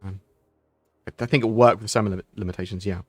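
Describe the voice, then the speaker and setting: A man with a fairly low voice hosts a casual livestream, reading and answering chat questions from a home setup. He rambles in a friendly, chatty way, restarting sentences and filling gaps with ums. The sound is close and dry, with no room echo. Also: fairly even intonation, brisk.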